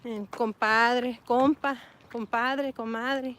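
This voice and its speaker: A woman's voice: fairly high pitch, moderate pace, pauses often. A woman from Sonora, Mexico, chatting casually with viewers on a livestream, laughing often and mixing Spanish words into her talk. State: sweaty and hot. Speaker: livestream vlogger.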